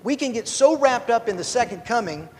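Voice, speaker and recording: A man with a high, bright voice leads a church Bible class, telling stories and poking fun at himself before rising into a preachy, animated push. His voice rings with a long hall reverb over a faint room hum. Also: brisk. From rural Missouri, USA. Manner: animated storyteller, self-deprecating asides, rises to preachy emphasis.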